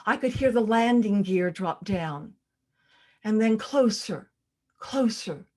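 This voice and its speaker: An older woman telling a personal story live at a storytelling event, pausing for drama and dropping to a hush at tense moments. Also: medium pitch, lively intonation.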